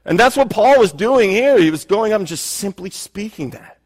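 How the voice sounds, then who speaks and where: A man delivering a sermon with earnest, conversational warmth, often circling back and restarting his phrases. His voice sits a little high and carries a long reverb of a church hall around it. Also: lively intonation, moderate pace, husky. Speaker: pastor.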